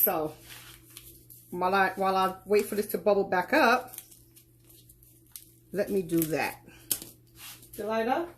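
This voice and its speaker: A woman with a medium-pitched voice speaks a little slowly and pauses often. She's hosting a casual live cooking demonstration, giving folksy, instructive directions and calling her viewers "child" and "girl."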